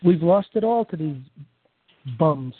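A man's voice: fairly high pitch, animated, unhurried, a little hiss or hum. Man from New York State, pushy conference-call talker, phone-quality audio. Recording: tinny phone line, dry.

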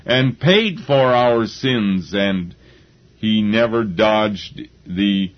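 A man preaching a sermon, slow and deliberate, with halting restarts as he gathers his thoughts. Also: lowish voice, expressive. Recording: dull lo-fi recording.

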